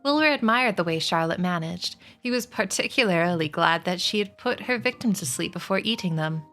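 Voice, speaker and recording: A woman's voice: fairly low pitch, lively intonation, a little fast. Giggly woman reading a story aloud. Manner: giggly, chatty between chapters. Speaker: streamer reading a book aloud. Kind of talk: casual livestream storytelling. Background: soft music.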